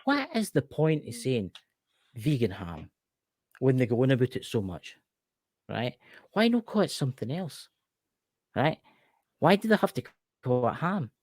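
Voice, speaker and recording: A man's voice: mid-range voice, very animated, measured pace, pauses often, a little mellow, no room sound. A Scottish man co-hosting a casual chat show, ranting animatedly and swearing freely. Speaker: podcast co-host.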